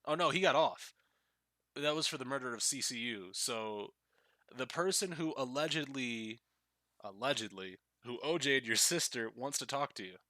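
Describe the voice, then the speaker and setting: Guy streaming a game, swearing and joking around, really bright sharp voice. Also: medium pitch, expressive, moderate pace, no room sound. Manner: casual, profane, joking. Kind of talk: live game commentary.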